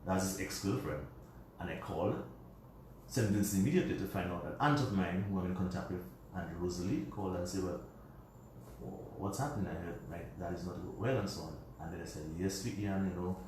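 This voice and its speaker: A low-voiced man tells a long personal story as a radio guest, drifting from one detail to the next in loose, everyday speech. He is recorded from a distance in a very echoey room, and a faint hiss sits under his voice. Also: a little fast. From Dominica. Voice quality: meandering, colloquial storytelling. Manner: puts on his father's voice when quoting him.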